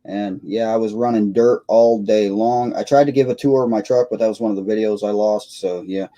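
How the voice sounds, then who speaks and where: Tired guy rambling on his live stream, super dark mellow voice, lots of uh's. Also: lowish voice, fairly even intonation, fairly quick, highs cut off. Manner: rambling, self-deprecating, frequent fillers. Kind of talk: casual live stream chat.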